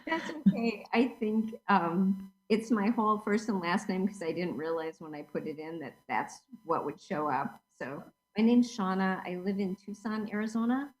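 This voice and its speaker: A woman's voice: medium pitch, normal speed. A woman introducing herself on a video call in an earnest, grateful way, with fillers. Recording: dull lo-fi video call audio.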